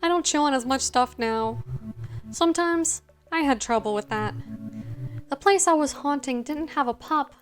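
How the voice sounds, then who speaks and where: A woman voicing an excitable, friendly ghost dog who chatters sweetly. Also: sits high, normal speed, soft background music, natural voice. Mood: excited.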